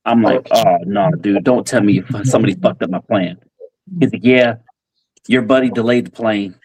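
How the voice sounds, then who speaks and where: A man with a husky, slightly rough voice tells stories on a podcast, cursing freely and acting out every quote with gusto. The telling stays loose and casual throughout. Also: on the low side, moderate pace, no echo. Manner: profane, animated storytelling with acted-out quotes. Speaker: podcast guest. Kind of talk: casual storytelling.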